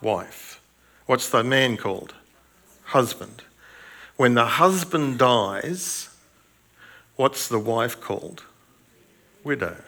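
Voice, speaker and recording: A man's voice: mid-range voice, animated, slow, pauses often, fairly bright tone. An older man preaching a chatty sermon to a church, joking about himself and quizzing the children. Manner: chatty and self-mocking, asks the children questions. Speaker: pastor. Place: church hall.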